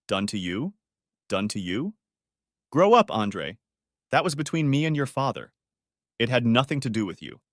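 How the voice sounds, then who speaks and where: A man's voice: mid-range voice, big pitch swings, normal speed, long pauses, no room sound, studio quality, close to an everyday voice. A man voicing a bitter middle-aged mother who talks coldly and scolds harshly, in a storybook reading. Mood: angry. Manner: cold and indifferent, then harsh and scolding.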